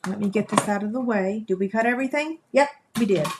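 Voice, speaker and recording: A woman's voice: mid-range voice, fast talker, background noise. A woman, hosting a live craft demonstration, chatting folksily with viewers as she works. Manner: chatty, folksy, talks to viewers while working. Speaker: crafting livestream host.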